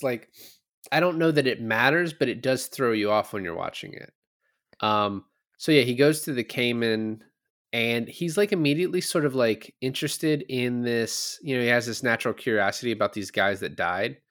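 A man's voice: medium pitch, dry recording, clean studio sound. A young man co-hosting a podcast, chatting casually about a movie, rambling with lots of fillers and restarts. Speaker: podcast co-host.

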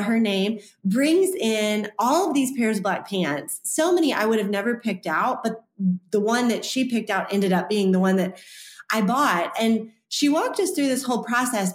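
A woman in her thirties, an author and guest, telling a story in an interview and acting out the quoted voices. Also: mid-range voice. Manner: animated, acts out quoted voices. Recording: roomy echo.

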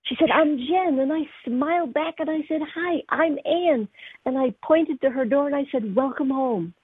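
A woman tarot teacher giving gentle, encouraging readings on a call-in show, with frequent fillers. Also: high-pitched, brisk, no room sound. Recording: dry, tinny phone-like sound.

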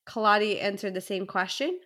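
A woman co-hosting a book podcast with a voice of ordinary middle pitch. She chats animatedly about books and reads listener messages aloud in a casual, friendly flow. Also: brisk, a bit bright. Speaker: podcast co-host.

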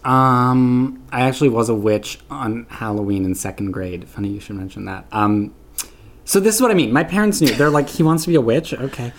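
A man's voice: mid-range voice, lively intonation, moderate pace. A man from Canada guesting on a podcast, talking bluntly and animatedly, swearing freely and slipping into voices. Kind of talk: casual chat.

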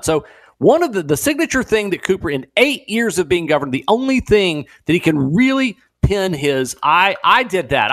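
A man guest-hosting a talk radio show, talking in an animated, incredulous way with laughing asides. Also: fairly high pitch. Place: radio studio.

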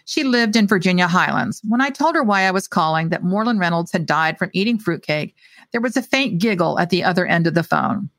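Author reading her own short story: woman, animated, very dry sound. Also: fairly low pitch, fairly quick, dry recording. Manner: lively, expressive delivery.

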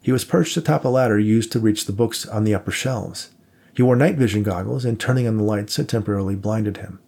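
Male audiobook narrator, husky and gravelly, measured reading. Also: lowish voice, a little mellow. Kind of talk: scripted narration.

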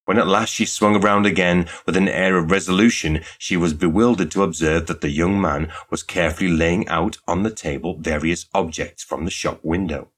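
A male audiobook narrator reading a classic detective story in a measured, even manner. His voice sits very low with a husky edge. The delivery is calm and unhurried throughout. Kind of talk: scripted narration.

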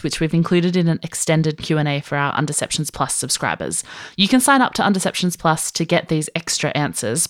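A woman co-hosting a podcast, reading announcements in a friendly, smooth way. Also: low voice, no room sound, clean studio sound. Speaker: podcast co-host.

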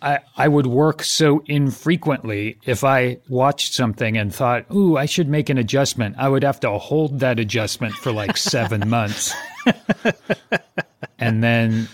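A man's voice: mid-range voice, moderate pace, hardly any pauses. Understated man, playful and dry. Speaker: podcast co-host. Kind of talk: casual comedic chat.

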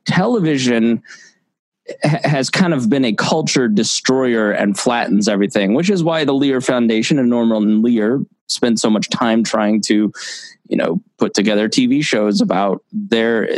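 A man's voice: mid-range voice, normal speed, dry recording, rough recording. A man hosting a podcast in casual conversation, often restarting and repeating words as he talks. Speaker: podcast host.

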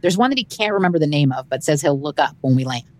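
A woman, a comedian hosting her podcast, narrating a travel story in a wry, expressive way. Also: low voice, quick pace. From United States.

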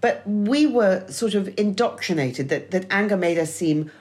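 A woman's voice: medium pitch, expressive, normal speed, darkish tone. A middle-aged woman co-hosting a podcast, talking in a wry, emphatic way and swearing freely. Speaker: podcast co-host. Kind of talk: scripted-sounding conversational essay.

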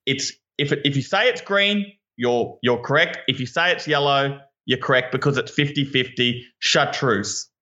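A man with an Australian accent, co-hosting a casual podcast in an enthusiastic, excitable way. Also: medium pitch, moderate pace, hardly any pauses, dull audio. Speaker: podcast co-host.

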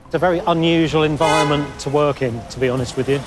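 A former police officer talking casually while walking outdoors, relaxed with fillers. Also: male voice, fairly high pitch, fast, music in the background. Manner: relaxed, conversational guide with fillers. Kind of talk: casual chat on location. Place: city street outdoors.

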